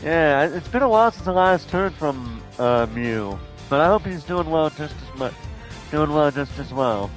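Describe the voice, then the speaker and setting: A man's voice: a little high, lively intonation, normal speed, poor audio. A man streaming a game, chatting casually with viewers in a rambling way, with many restarts. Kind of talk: casual live-stream chat. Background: faint game music.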